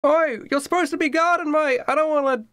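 Man putting on a high brash pirate captain. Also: brisk, dry recording, clean studio sound. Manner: brash, shouting, says "oi, mate" a lot. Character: rowdy loudmouthed male pirate captain.

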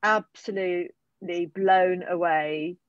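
A middle-aged British woman, appearing as a guest, shares her personal recovery story in an emotional, halting way, stopping and restarting as she opens up. Her pitch is ordinary and her intonation fairly even, heard over a slightly dull, muffled online call without room echo.

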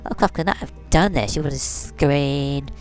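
Woman doing a bitchy vain barbie doll, deep gravelly voice, all totes and like, faint music behind. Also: normal speed. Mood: catty. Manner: valley-girl slang, boastful and bitchy. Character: vain, catty adult woman fashion doll. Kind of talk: comedic game commentary in character.

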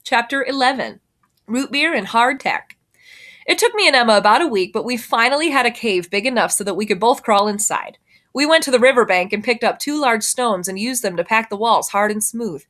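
A woman reading a children's novel aloud in a gentle, even storytelling manner. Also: fairly high pitch, brisk. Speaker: reader.

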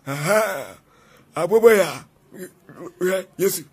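A man giving excited reaction commentary, exclaiming and repeating calls to God, sometimes half-singing. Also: extremely high pitch, measured pace, pauses often, husky.

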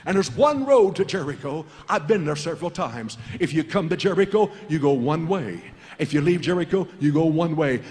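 Man preaching with shouted calls in a hall. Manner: preaching with shouted calls and sudden drops in pitch. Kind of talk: sermon. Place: large church hall. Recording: long church hall reverb.

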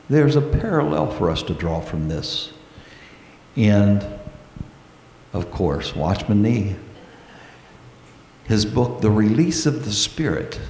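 Male pastor, low voice, slow deliberate sermon delivery, reverberant sanctuary sound. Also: a little mellow, a little hiss or hum. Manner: earnest, slow preaching with prayerful pauses. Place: church sanctuary. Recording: echoey church hall.

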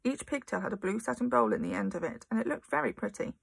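A woman reads a children's story with lively, expressive storytelling. Her voice has a gravelly, husky texture. The sound is dry and close. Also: fairly high pitch, fast, no room sound. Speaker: narrator. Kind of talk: audiobook reading of a children's novel.

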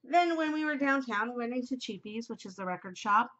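A woman's voice: fairly high pitch, lively intonation, a little fast, a bit bright, lo-fi sound. A middle-aged woman hosting a podcast, chatting casually and giggling, easily distracted. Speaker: podcast host. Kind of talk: casual chat to camera.

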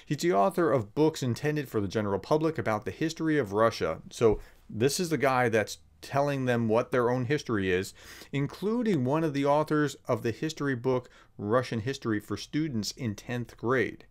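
A man's voice: expressive, normal speed. Sarcastic male professor giving commentary. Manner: conversational, sarcastic, emphatic rising pitch. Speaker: professor explaining war context. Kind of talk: video commentary on a clip.

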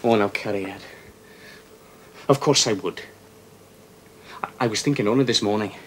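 An actor with a Welsh accent playing a blunt but affectionate miner husband in a 1970s television drama. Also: male voice, on the low side, moderate pace, a little hiss or hum, natural voice. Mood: chatty. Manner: rough, chatty, affectionate. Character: blunt, fond Welsh miner, adult man.

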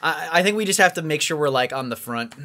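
A man's voice: a little high, animated, quick pace, pushed and bright. A young man co-hosting a let's play, chatting casually with rambling asides and easy laughs. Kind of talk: casual gameplay banter. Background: game music.

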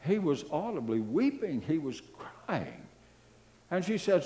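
A man's voice: on the high side, measured pace. An older man preaching a sermon as pastor, telling stories with repeated phrases and hesitant fillers. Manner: animated, repetitive, fillers, storytelling.

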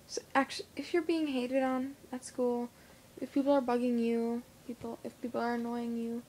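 A teenage girl with a lisp, talking to camera in a casual vlog, halting and full of fillers. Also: on the high side, flat delivery, a little mellow, slight background noise. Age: teens. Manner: hesitant, halting with many fillers. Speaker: vlogger. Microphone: phone camera.

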